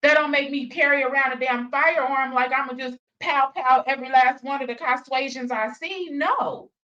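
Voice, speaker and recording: A woman's voice: high-pitched, fairly even intonation, normal speed, sharp tone, distant mic, muffled recording. A woman hosting a reaction channel, ranting bluntly with heavy profanity and repeated emphasis. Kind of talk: reaction commentary rant.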